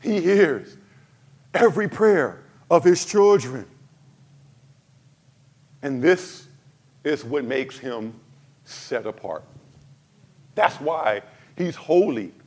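A man preaching a sermon to his congregation, swinging from fervent cries to soft, emphatic lines and addressing the church directly. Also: fairly high pitch, expressive, extremely slow, pauses often. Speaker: pastor.

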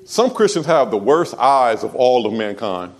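Telling a story in his sermon, a pastor addresses his church at a moderate pace with big swings in pitch. His delivery moves from hushed, low asides to loud exclamations.

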